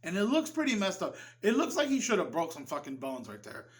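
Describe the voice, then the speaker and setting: Man, casual movie review, loose rambling talk, lots of swearing, slightly high voice. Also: huge pitch swings, a little fast. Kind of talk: casual film review commentary.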